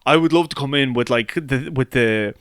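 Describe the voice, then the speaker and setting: A man's voice: mid-range voice, normal speed, a bit bright, no echo, studio quality. A man hosting a podcast in casual chat, swearing freely, laughing often and restarting his sentences. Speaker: podcast host.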